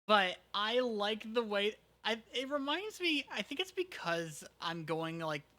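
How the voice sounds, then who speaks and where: A woman's voice: mid-range voice, expressive, measured pace, bright, forceful tone. A woman streaming a story game, reading its dialogue aloud at her microphone and laughing and swearing at it between lines. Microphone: desk microphone.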